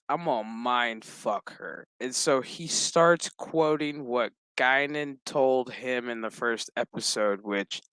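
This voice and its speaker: A man's voice: medium pitch, clean tone, no room sound. A man casually recapping a TV episode, swearing freely and joking as he goes. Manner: profane, joking, animated storytelling. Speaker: show recap host.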